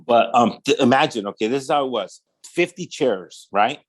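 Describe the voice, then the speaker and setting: A pastor with a medium-pitched voice, speaking at normal speed, tells his life story during a podcast interview. He talks in everyday street slang, frequently saying "man," and jumps into character to act out quoted lines.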